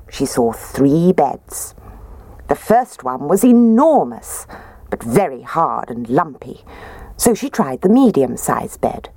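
A woman gently reading a children's story aloud, with an expressive manner. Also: deep voice, creaky, slightly rough, no echo.

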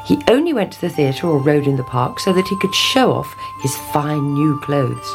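Female fairy-tale narrator, very low voice, lively melody, music clearly under her. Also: normal speed. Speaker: storyteller. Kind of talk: scripted storybook narration.

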